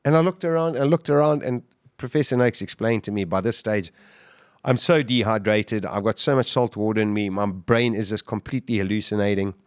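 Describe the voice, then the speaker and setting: Animated man telling a survival story. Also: on the low side, a little fast, clear, resonant tone, no room sound, clean studio sound. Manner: animated, with frequent restarts and sudden surges of emphasis. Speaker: podcast guest. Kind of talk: dramatic first-person storytelling.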